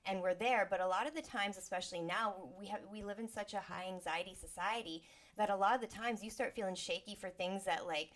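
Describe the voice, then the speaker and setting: A woman, a sound healer, explaining energy and the mind in a relaxed, chatty teaching talk, now and then acting out inner voices with sighs and exclamations. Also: medium pitch, brisk.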